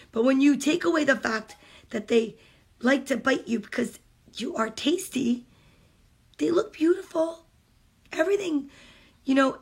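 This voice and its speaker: Middle-aged woman, high and a little husky, storytime reader who gushes and chats between pages. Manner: gushing and emotional, with gasps and excited asides. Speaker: reading picture books to children online. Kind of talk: read-aloud storytime with casual chat.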